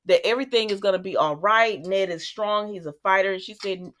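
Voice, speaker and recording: A woman's voice: medium pitch, a little fast, a bit bright, slight background noise. A woman hosting a casual soap opera recap, chatty and sassy, talking back to the characters.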